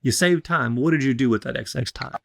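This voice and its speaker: A man's voice: medium pitch, fairly quick, creaky, no room sound, studio quality. A man hosting an interview, encouraging his guest with frequent affirmations. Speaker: interview host. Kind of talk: conversational interview.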